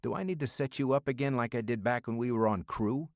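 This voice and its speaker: A man's voice: medium pitch, fast talker, no room sound, studio quality, voice pushed up, close to an everyday voice. A man voicing a brash male friend who teases and pushes in banter, in an audiobook. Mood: teasing. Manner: pushy, ribbing banter. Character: brash, teasing male friend and city official.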